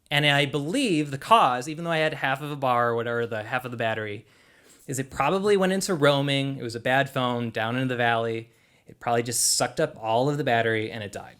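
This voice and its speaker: A young man tells a personal story live on stage. He speaks in a casual, animated way with lots of "like", and his voice sits at a middling pitch. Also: brisk, smooth.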